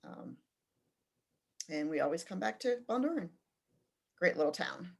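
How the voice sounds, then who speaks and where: A woman's voice: on the low side, sing-song, unhurried, vocal fry, a little mellow, breathy edge. A woman giving an informal info session about a study-abroad trip, often hesitating with fillers and restarts. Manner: hesitant, many ums and restarts.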